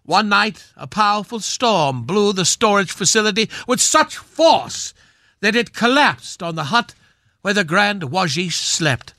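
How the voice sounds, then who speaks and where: A man's voice: high-pitched, very animated, bright, forceful tone, no echo, clean studio sound, full character voice. A man playing a pompous, aging, knighted film swashbuckler as a guest on a radio comedy bit, with a grand, theatrical manner. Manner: grand, theatrical, drawn-out delivery.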